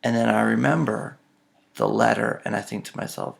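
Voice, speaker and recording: A man's voice: lowish voice, steady tone, normal speed, gravelly. A man telling self-mocking personal stories in a casual, dramatic way. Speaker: storyteller.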